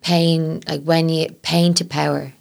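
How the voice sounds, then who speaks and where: A woman's voice: low-pitched, flat delivery, a little slow, vocal fry, a little mellow. An Irish woman hosting a casual conversation, chatty and open, with lots of "like". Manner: chatty, frequent "like". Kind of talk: casual chat.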